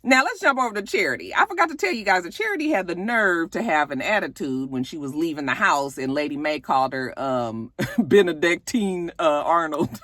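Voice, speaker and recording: Woman, casual show recap, lively sassy delivery, dry close sound. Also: lowish voice, brisk, dry recording. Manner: animated, sassy storytelling with acted-out quotes.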